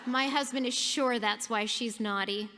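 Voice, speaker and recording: A woman's voice: fairly high pitch, a little slow, background noise. Lady giving a keynote, acts out the people in her story, echoey hall sound. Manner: animated storyteller, quoting people in voices. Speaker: keynote speaker. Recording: long hall reverb.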